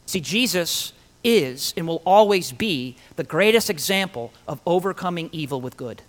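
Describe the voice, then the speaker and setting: A man preaching a sermon, emphatic and animated, with rhetorical questions and dramatic pauses. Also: high voice. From Italian heritage.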